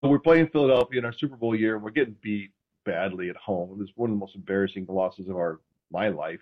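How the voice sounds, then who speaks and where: Animated man telling a story. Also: lowish voice, quick pace, narrow, tinny audio, faint music behind. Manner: animated, self-deprecating, acts out quotes. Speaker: podcast host, former NFL quarterback. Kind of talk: casual storytelling chat.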